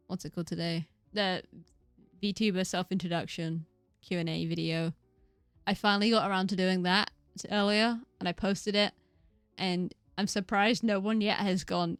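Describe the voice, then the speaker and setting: Giggly girl streamer chatting while gaming, lilts up a lot, bit croaky, dry sound, soft music behind. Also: medium pitch, dry recording. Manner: giggly, rambling, lots of upward inflections. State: slightly croaky. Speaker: VTuber streamer. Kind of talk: casual live-stream chat while gaming.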